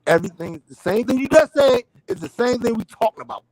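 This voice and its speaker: A man's voice: extremely high pitch, sing-song, fast talker, darkish tone, dry recording, low-quality recording. A middle-aged man in a heated boxing debate over a voice call, insistent, repeating his questions and swearing. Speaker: panel debater. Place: online voice call.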